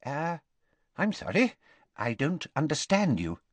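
A man's voice: very animated, unhurried, no room sound. A man reading an audiobook, voicing a stiff, nervous male government official in a magical storybook. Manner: stiff, prim and high-strung.

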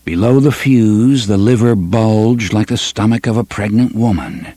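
A man narrating an audiobook with an expressive, varied delivery. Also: on the low side, measured pace, no echo.

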